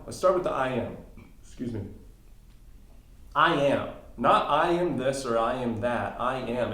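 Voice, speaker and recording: Man coaching in a roomy echo. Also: medium pitch. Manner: reflective, explains ideas step by step with emphatic rises. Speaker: voice and life coach, podcast guest. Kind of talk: casual interview talk.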